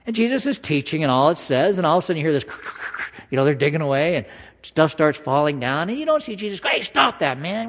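A man preaching a sermon in a conversational style, slowing down for emphasis and acting out voices. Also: mid-range voice. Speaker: pastor. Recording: long hall reverb.

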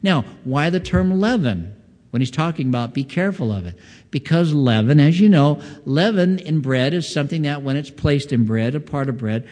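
A man's voice: fairly high pitch, animated, normal speed, a little mellow, in a large hall. A pastor giving an earnest, teaching sermon, reading scripture aloud and asking his listeners rhetorical questions. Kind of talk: expository sermon.

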